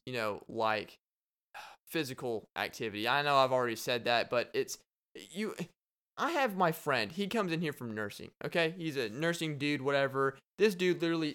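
A young man hosting a casual solo podcast, talking in an animated, joking and rambling way. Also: medium pitch, normal speed, smooth. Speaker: podcast host.

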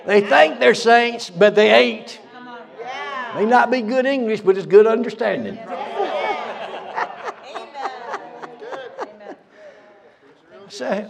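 A high-voiced man preaches in a church, his pitch leaping all over and his voice gravelly. He is folksy and fiery and breaks into laughs, and the sound rings out in the long reverb of the hall. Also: big pitch swings, slow pace, pauses often. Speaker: pastor. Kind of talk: preaching a sermon.

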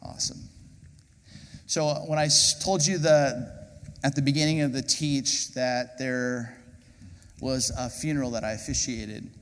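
A man, a pastor, gently interviewing guests on stage during a sermon, halting with many fillers. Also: mid-range voice, steady tone. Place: large church auditorium with congregation. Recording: reverberant church hall with audience.

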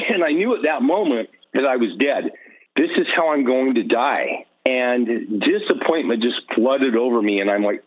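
A man telling his personal testimony as a guest, animated and self-mocking, acting out his own thoughts. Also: mid-range voice, normal speed. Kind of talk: personal storytelling. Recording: tinny phone line.

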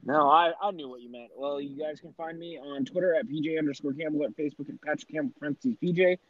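A man's voice: a little high, quick pace, dry recording. A man co-hosting a podcast, speaking briefly and plainly in a casual chat. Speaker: podcast co-host. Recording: dull, lo-fi headset audio.

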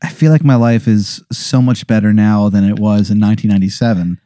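A man's voice: on the low side, fairly even intonation, brisk, warm tone, no room sound, clean studio sound. A man co-hosting a comedy podcast, playing along with an improvised story, laughing and swearing in reaction. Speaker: podcast co-host. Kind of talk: casual improvised comedy banter.

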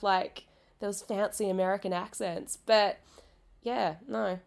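A woman's voice: medium pitch, fairly even intonation, slow, creaky. Bubbly Australian woman. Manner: bubbly, laughs often. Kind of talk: casual chat.

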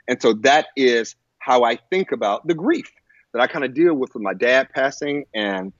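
A man telling a personal story in a halting way, with many fillers and restarts, on a muffled lo-fi recording. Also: mid-range voice, lively intonation, dry recording. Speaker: guest. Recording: muffled lo-fi audio.

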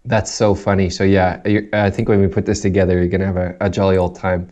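A man's voice: low voice, flat delivery, quick pace, darkish tone. A man co-hosting a podcast in casual chat over a video call, teasing, giggling and swearing playfully. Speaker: podcast co-host. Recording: dull lo-fi video call audio.

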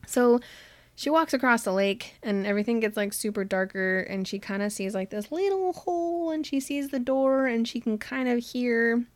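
In a fairly high voice at normal speed, with no echo, a young podcast host casually retells a novel's plot. She's chatty and laughs a lot, leans heavily on "like," and loosely performs the characters' lines.

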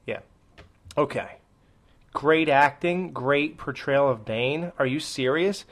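Male podcast co-host, mid-pitched, chatty and opinionated reviewer. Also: takes it slowly. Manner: animated, opinionated, many "like"s. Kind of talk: casual movie review chat.

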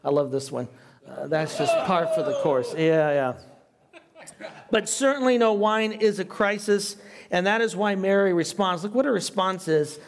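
A man's voice: high voice, normal speed, vocal fry, slight background noise. A man with a slight foreign accent, a pastor teaching a Bible study in a conversational way and asking his class questions. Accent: non-native English.

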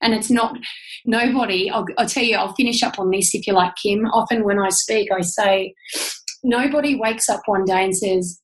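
A woman's voice: medium pitch, normal speed, rough recording. A woman with an Australian accent, speaking as a guest on a podcast in an earnest, heartfelt and emphatic way. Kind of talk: candid interview talk.

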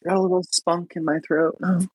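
Crude joking woman, flat-voiced. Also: fairly low pitch, fairly quick, heavy background noise. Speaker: guest.

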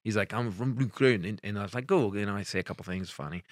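A man, a comedian, telling stage stories on a podcast, acting out the people in them and bursting into loud yells. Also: fairly low pitch, rapid-fire, no room sound, studio quality. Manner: animated storyteller, acts out voices and yells in bursts. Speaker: comedian guest. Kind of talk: storytelling on a podcast.

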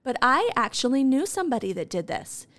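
A woman's voice: high voice, very animated, fairly quick, a bit bright. A woman co-hosting a podcast in casual chat, reading out listener stories and laughing often. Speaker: podcast co-host.

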